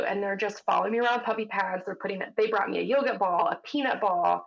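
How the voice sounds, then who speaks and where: Animated woman in her thirties, retelling her birth story. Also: medium pitch, quick pace, vocal fry, dull audio. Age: 30s. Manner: vivid, animated retelling that acts out the voices of others. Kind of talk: casual storytelling interview.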